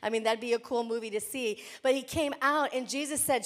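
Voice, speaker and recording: A woman pastor preaching a sermon, reading scripture aloud and swinging between loud declarations and hushed, slow emphasis, repeating key lines. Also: a little high.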